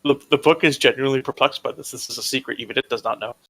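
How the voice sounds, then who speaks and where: A man's voice: mid-range voice, rapid-fire, bright, forceful tone. A man narrating as dungeon master in a casual tabletop game, often stumbling and repeating words.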